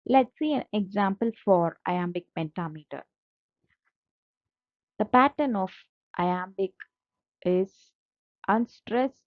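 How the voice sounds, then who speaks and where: A woman's voice: mid-range voice, no room sound. A woman teaching a slide-based literature lesson, patient and methodical, repeating key terms and spelling out each syllable. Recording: dull lo-fi dry recording.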